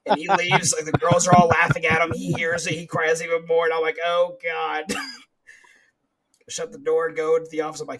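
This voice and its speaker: A man's voice: a little high, little pitch movement, normal speed, over a noisy crowd, rough recording. A young man telling a crude, profane work story on a podcast while laughing through it. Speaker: podcast co-host, corrections officer. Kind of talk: casual storytelling chat.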